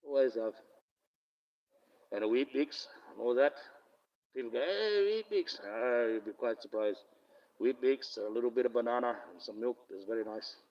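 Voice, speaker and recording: A man's voice: medium pitch, fairly even intonation, moderate pace, long pauses, recorded from a distance, muffled recording. Rambling man on a phone stream. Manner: rambling, swears freely, laughs often. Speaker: livestream host. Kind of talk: casual live-stream chat. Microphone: phone camera.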